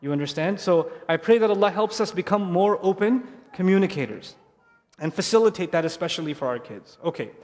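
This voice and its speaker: High-voiced man lecturing in a reverberant hall. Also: animated, brisk, darkish tone. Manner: earnest, conversational, with repeated emphatic phrases. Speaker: Islamic speaker addressing families. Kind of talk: live lecture to an audience. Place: stage in a large hall. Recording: long hall reverb from a live event.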